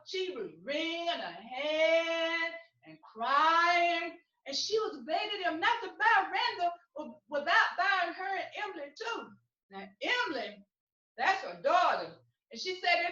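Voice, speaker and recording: A woman tells a dramatic story in a slow, theatrical, emphatic delivery. Her voice is high and bright. It is picked up from far off in an echoey room. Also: lively intonation, lo-fi sound.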